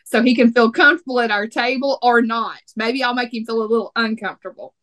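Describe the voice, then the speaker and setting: A chatty woman with a Texas accent hosts a podcast, teasing her guest in a playful way. Her voice sits high. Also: fairly even intonation, quick pace, fairly bright tone. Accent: Texan. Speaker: podcast host. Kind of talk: casual podcast chat.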